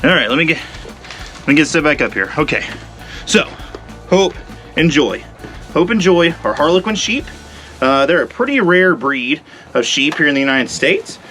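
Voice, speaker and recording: A man's voice: on the high side, very animated, moderate pace, pauses often, sharp tone, soft background music. A man hosting his ranch vlog outdoors in the cold, a bit out of breath and talking in an easygoing, rambling way. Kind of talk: casual vlog talk to camera. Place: outdoors at a sheep pen in the cold.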